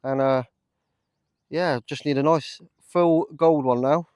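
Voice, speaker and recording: A man talking casually to camera while metal detecting in a field, chatty and easily excited, with lots of fillers. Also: on the high side, slow pace, clean tone, no room sound. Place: open field outdoors.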